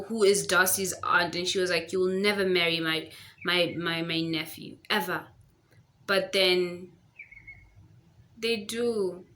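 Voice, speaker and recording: A woman's voice: medium pitch, pushed and bright. A woman, chatting casually and gushingly to camera while reviewing a book at home. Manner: chatty and gushing, lots of fillers. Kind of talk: casual vlog chat. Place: home near a busy road.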